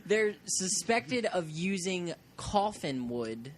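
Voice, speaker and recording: A woman's voice: fairly low pitch, big pitch swings, slow. A woman co-hosting a casual podcast, relaying a news story with many fillers and giggles. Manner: giggly, hesitant, lots of fillers. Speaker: podcast co-host. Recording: noisy amateur recording.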